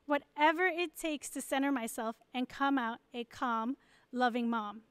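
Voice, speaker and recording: A woman's voice: sits high, a little slow, clean tone, dry recording. A pastor's wife giving a church message to mothers, candid and encouraging.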